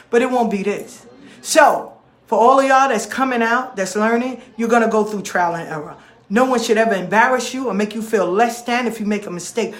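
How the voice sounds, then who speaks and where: A woman's voice: medium pitch, fairly bright tone, reverberant. A woman hosting her own talk show, speaking bluntly and with a lot of swearing to her followers, acting out both sides of conversations. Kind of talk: casual monologue to followers.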